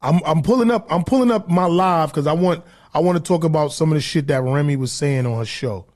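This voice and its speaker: A high-pitched man runs his own podcast and rants straight into the mic. He talks in a loose, profane, heated way and rambles from one grievance to the next. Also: a little fast, a little mellow. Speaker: podcast host. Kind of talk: casual livestream rant.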